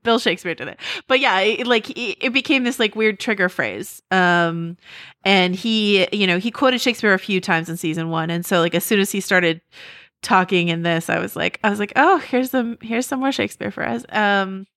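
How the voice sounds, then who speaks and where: A woman's voice: medium pitch, moderate pace, dry recording, clean studio sound. A woman co-hosting a podcast, chatting casually as she recaps a TV episode, rambling with lots of "like" and "um" and laughing often. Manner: rambling, animated, full of "like" and "um"; laughs often, acts out characters' lines in quotes. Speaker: podcast co-host.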